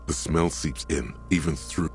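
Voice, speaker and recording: A man's voice: extremely low pitch, fairly even intonation, measured pace, faint music behind. A man voicing a grim, sardonic game narrator who describes the scene in dry, ominous tones.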